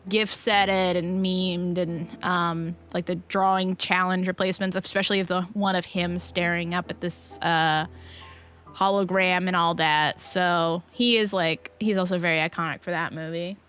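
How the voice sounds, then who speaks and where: A woman's voice: on the low side, steady tone, measured pace, fairly bright tone, clean tone, soft background music. A woman streamer chatting casually to her chat while she plays, rambling and restarting her sentences.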